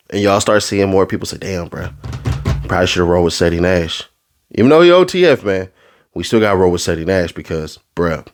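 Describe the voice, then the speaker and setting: A man doing a casual commentary rant, full of street slang, who swings from low asides into high, exasperated outbursts. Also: a little mellow. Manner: street slang, addresses the audience as bro. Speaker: commentary vlogger.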